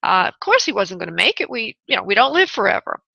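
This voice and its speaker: A woman's voice: mid-range voice, sing-song, quick pace, gravelly, sharp tone, no room sound. A woman hosting a call-in radio show as a psychic medium, chatty, laughing often and calling callers honey and darling. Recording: dull lo-fi radio audio, dry.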